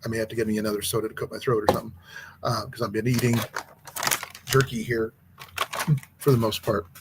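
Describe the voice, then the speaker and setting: A man hosting an outdoors channel who teaches archery, talking in a casual, rambling livestream chat with a hoarse, husky voice. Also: fairly low pitch, little pitch movement, fast, very noisy. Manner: rambling, chatty, with many restarts.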